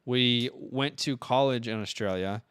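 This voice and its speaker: A man from Virginia co-hosting a live stream, chatty and teasing, giving quick asides. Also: medium pitch, fairly bright tone, clean tone, dry recording, clean studio sound. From Virginia, United States. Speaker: co-host. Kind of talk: casual live-stream chat.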